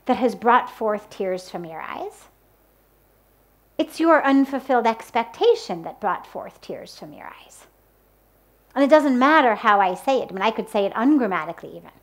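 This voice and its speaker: Slow, deliberate woman teaching. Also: a little high. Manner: slow, deliberate, with spoken examples. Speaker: spiritual teacher. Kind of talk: spoken talk on mantras.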